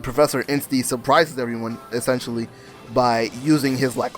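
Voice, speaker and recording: A young man recapping a comic in a casual, animated, slangy way, often laughing as he rants. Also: mid-range voice, moderate pace, faint music behind. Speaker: comic reviewer.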